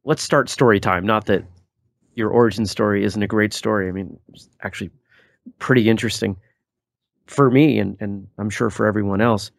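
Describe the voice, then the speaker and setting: A man's voice: fairly low pitch, steady tone, moderate pace, gravelly, pauses often, no echo, clean studio sound. A man hosting a podcast interview, asking questions in an easygoing, encouraging way. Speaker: podcast host. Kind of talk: casual interview.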